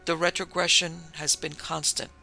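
A man's voice: fairly high pitch, little pitch movement, normal speed, gravelly, bright, forceful tone, soft background music, heavily acted. A man reading as a grim, despairing older man.

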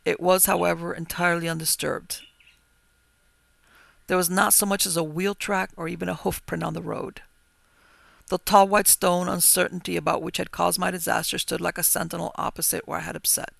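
A man reads a ghost story in a measured, old-fashioned way. His voice is high and bright with a strong gravelly rasp, recorded close and dry. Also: flat delivery, no room sound. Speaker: narrator. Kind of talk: scripted narration of a ghost story.

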